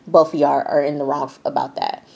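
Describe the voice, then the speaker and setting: A woman chats through a TV recap in a casual vlog, blunt and full of profanity. Her voice sits a little low for a woman, and she talks straight to her viewers. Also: level tone, brisk, creaky, warm tone, lo-fi sound. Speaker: TV reviewer.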